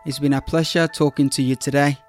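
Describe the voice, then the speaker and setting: A man hosting a faith podcast, speaking in an earnest, exhorting way and slowing down on his key points. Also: a little high, little pitch movement, soft background music. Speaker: podcast host.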